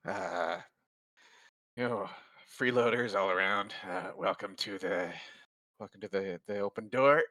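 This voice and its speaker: A man's voice: lowish voice, expressive, measured pace, creaky, pushed and bright, no room sound. A man playing in a tabletop game, making a showy welcome speech in character. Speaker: player.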